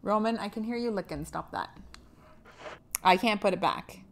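A woman's voice: medium pitch, normal speed, slight background noise. A young woman streaming a game, playful and swearing freely as she chats with viewers. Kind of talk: casual live gameplay commentary.

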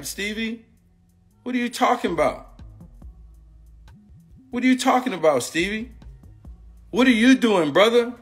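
Agitated man ranting, high bright voice. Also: slightly rough. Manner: agitated, repetitive, confrontational. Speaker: former football player and coach. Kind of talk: heated rant on a live stream.

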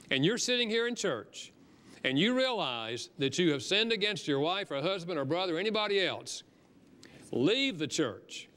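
A male preacher delivers a sermon in an earnest, conversational way, pushing his voice up for emphasis. His tone is bright and sharp, and it rings with the long reverb of a church hall. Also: fairly high pitch. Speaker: guest preacher and author. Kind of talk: sermon with storytelling. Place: church sanctuary.

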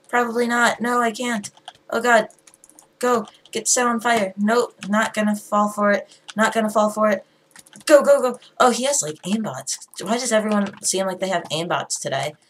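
A woman commentating live on her own gameplay, excitable and frantic, repeating herself when things get tense. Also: mid-range voice, a little hiss or hum. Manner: excitable, frantic, repeats phrases under pressure. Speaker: gaming commentator.

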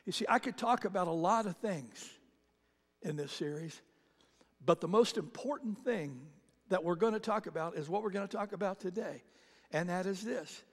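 A man preaching a conversational sermon as pastor, animated in his retelling, slowing down for emphasis. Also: high-pitched. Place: church sanctuary. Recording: long hall reverb.

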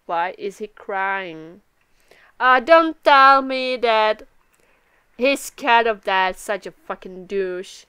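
Woman, giggly live manga reaction, slow unhurried talk, clear smooth voice, casual swearing. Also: medium pitch, lively intonation, pushed and bright, no room sound. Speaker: anime reaction video host.

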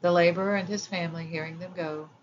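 A woman narrating a children's fairy tale audiobook in a measured, gentle storytelling manner. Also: on the low side, steady tone, dull audio, background noise.

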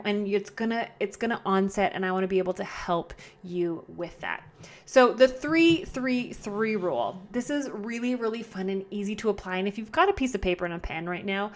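A woman with a medium-pitched voice hosts a casual solo podcast from her home, recorded by a camera close by. She is chatty and repetitive, corrects herself, and slows down to model calm breathing.

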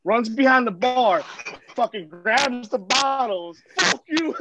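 High-voiced, slangy storytelling guy. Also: takes it slowly, very noisy. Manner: profane, slangy, animated. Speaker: storyteller host. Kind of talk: casual storytelling.

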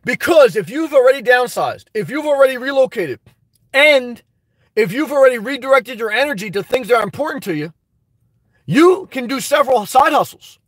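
Man, live stream host, very high-pitched voice, dry close sound, emphatic and worked up. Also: animated, normal speed, fairly bright tone, no room sound. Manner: emphatic, fired up, preachy. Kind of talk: live stream chat, reading viewer comments.

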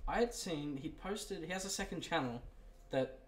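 A man chats as a guest in a friend's home, relaxed and amused, working his thoughts out as he speaks. His pitch moves around a lot. He sits back from the mic, so the room adds a lot of echo. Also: moderate pace. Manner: easygoing, amused, thinks aloud. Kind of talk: casual chat. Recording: roomy, distant from the mic.

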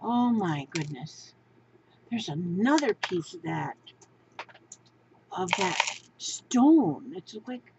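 A woman's voice: mid-range voice, sing-song, takes it slowly, long pauses, darkish tone, dull audio, slight background noise. A woman crafting vlogger doing an unboxing show-and-tell, gushing and exclaiming, often repeating her words.

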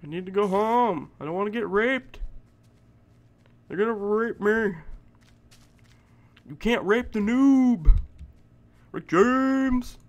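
A man giving let's play commentary, excitable and profane, shouting at game monsters. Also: high-pitched, slow, long pauses, dull audio. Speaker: gameplay commentator.

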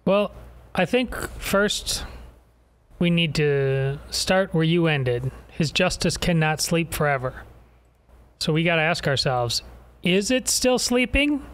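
A man, a pastor appearing as a talk show guest, who speaks deliberately in a preacherly way and leans on rhetorical questions. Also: on the high side, a bit bright.

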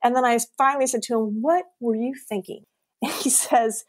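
Woman guest, animated storyteller, laughs a lot and acts out the quotes. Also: fairly high pitch, unhurried, long pauses. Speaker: podcast guest, writer. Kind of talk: casual storytelling interview.

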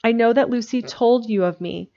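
A woman voicing a grave, gentle male Victorian doctor, speaking in a solemn, measured way over a dull lo-fi recording. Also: on the high side, close to an everyday voice. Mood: earnest.

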